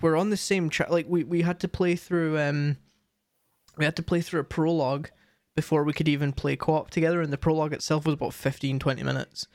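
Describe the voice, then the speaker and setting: A man's voice: on the high side, no echo. Rambling young man, dry mic. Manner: rambling, frequent fillers and restarts. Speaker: streamer and co-host. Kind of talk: casual chat.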